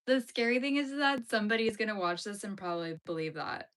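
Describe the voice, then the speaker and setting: A clear, resonant, medium-pitched voice with a bit of brightness carries this Canadian woman's knitting livestream from Yellowknife. Chatting casually with viewers and answering their comments, she laughs easily and uses "like" as a regular filler.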